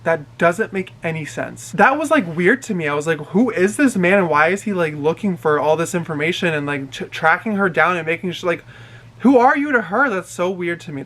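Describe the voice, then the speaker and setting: A young man telling a story to camera in a vivid, dramatic way. His voice is high and bright, with a sharp edge. He keeps slipping into the voices of the people in his story. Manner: animated, dramatic storytelling with many quoted voices. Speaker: vlogger. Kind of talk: storytime vlog.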